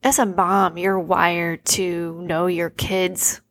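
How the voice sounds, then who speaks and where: Her voice sits on the low side, moving little in pitch, slow and a bit bright. She's a podcast host in her forties, earnestly and emotionally recounting personal stories in a casual way, full of "like."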